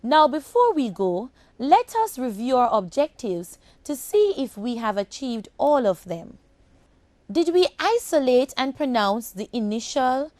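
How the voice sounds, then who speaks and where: A woman teaching a phonics lesson to children on broadcast television, speaking slowly and enunciating each sound with care. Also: fairly high pitch, dry recording. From Jamaica. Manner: slow, deliberate, clearly enunciated.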